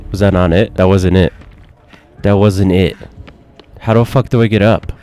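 A man giving casual gameplay commentary, excitable, profane and joking, with sudden yelps. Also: sits low, moderate pace, clear, resonant tone. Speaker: gaming commentator.

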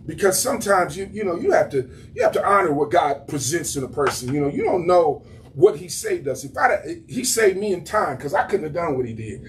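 A man's voice: high-pitched, very animated, a little fast, recorded from a distance, a little hiss or hum. A man pastor preaching in a conversational way to his congregation in a small church room, repeating words as he builds his point. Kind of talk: sermon.

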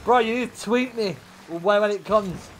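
A man's voice: high voice, normal speed, a little hiss or hum. A man streaming, telling a profane story to chat and laughing often.

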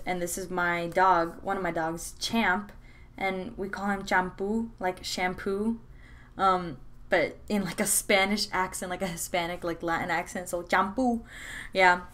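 Chatty young woman gushing over sketches. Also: fairly low pitch. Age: young adult. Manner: chatty and rambling, with many fillers and restarts; gushing and enthusiastic. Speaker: art vlogger. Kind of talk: casual chat. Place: room at home.

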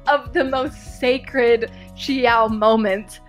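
A woman's voice: a little high, steady tone, drawn-out words, faint music behind. A woman in a casual unboxing vlog, gushing with gasps and exclamations as she opens fan mail. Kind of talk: excited unboxing chat.

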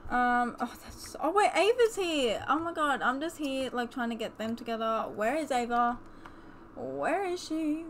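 A young woman chatting excitedly while commentating a life-sim game, gasping and exclaiming often. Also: high voice, unhurried, a little hiss or hum. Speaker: let's play host. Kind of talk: casual gameplay commentary.

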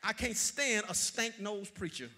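A male pastor delivers a sermon from the pulpit in a high, very bright, cutting voice. He hammers phrases over and over and half-sings some lines. He swings from full shouts down to near-whispers. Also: unhurried, some chatter behind. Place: church sanctuary.

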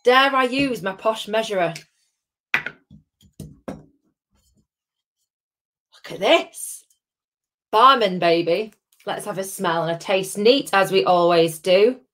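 A chatty woman runs a live tasting stream from home. Her voice sits at a middle pitch, and she keeps up a bubbly, friendly chatter, calling out viewers by name between sips. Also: slow, pauses often, a bit bright. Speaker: host of a live gin tasting.

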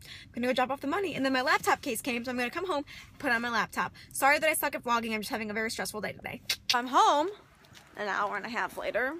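Young female vlogger, high bright voice, chatty and dramatic. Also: animated, quick pace, slight background noise. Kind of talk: casual vlog chat.

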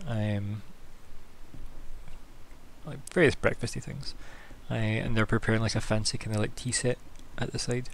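A man's voice: on the low side, creaky, a little hiss or hum. A man running a tabletop game as game master, narrating scenes in a loose, descriptive way with many fillers.

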